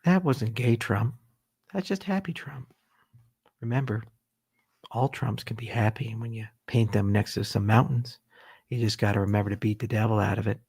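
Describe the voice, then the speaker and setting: Man doing a gentle TV painter parody: soothing, slow and husky. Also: on the low side, no echo. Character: gentle soft-spoken male TV painting teacher, calm.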